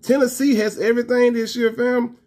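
Husky, emphatic male fan vlogger. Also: extremely high pitch, level tone, a little mellow. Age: 30s. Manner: emphatic, repetitive, slangy, calls viewers fam; talks fast. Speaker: college football fan vlogger. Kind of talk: casual fan rant to camera.

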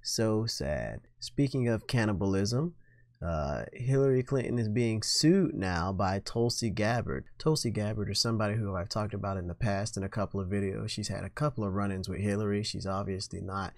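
A man's voice: fairly low pitch, fairly quick, darkish tone, no room sound, clean studio sound. A man hosting his own political commentary show, talking in an opinionated, sarcastic way. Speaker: host.

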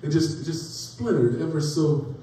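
A man's voice: fairly high pitch, normal speed, dark tone. Preaching man in an echoey church. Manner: folksy preaching with storytelling and rising emphasis. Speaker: pastor. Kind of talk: sermon. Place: church sanctuary. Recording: echoey church room from far off, faint noise.

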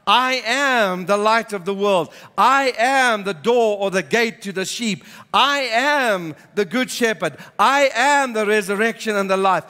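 Bright-voiced preacher in a reverberant church. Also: male voice, sits high, lively intonation, unhurried, few pauses. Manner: reads scripture aloud, then preaches with repetition. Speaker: pastor. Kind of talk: sermon with scripture reading.

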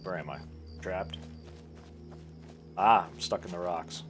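A man's voice: sits low, slow pace, pauses often, over music. A man streaming a fantasy video game, chatting casually with sarcastic jokes as he plays. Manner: joking, sarcastic asides. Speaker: gaming streamer. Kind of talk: casual let's-play commentary.

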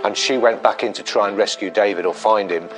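A police detective with a very low voice talks through an investigation in measured, halting sentences, filling gaps with ums. Soft music plays faintly under his words. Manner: measured, hesitant with many fillers. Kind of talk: documentary interview.

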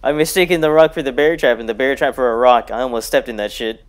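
A man casually commenting while playing a horror game, muttering low to himself, cursing often, and breaking into loud startled shouts. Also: quick pace. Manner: profane, jokey self-talk to the game. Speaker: gaming YouTuber. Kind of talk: casual let's-play commentary.

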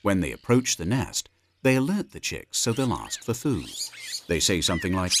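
A man narrating a wildlife documentary in a measured, informative scripted delivery. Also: low voice, very animated, a little hiss or hum.

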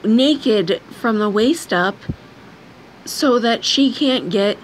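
Young woman vlogger, frustrated, blunt, profane, unhurried delivery, faint background hiss. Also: fairly high pitch, lively intonation. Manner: blunt, frustrated, heavy swearing. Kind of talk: angry personal vlog rant.

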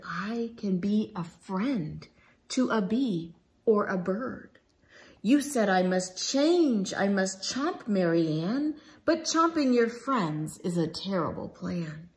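A woman voicing a gentle, thoughtful young male lion who writes poems, speaking softly and earnestly. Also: mid-range voice, expressive, slow pace.

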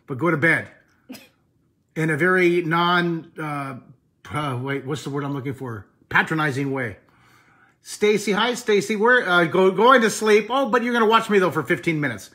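A man with a bright, forceful voice that sits a little high for a man. He chats in an excitable, rambling way as he greets viewers on a live stream. The sound comes from a handheld phone in a house. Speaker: drawing teacher. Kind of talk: live-streamed casual chat. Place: living room of a friend's house. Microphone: handheld camera phone.

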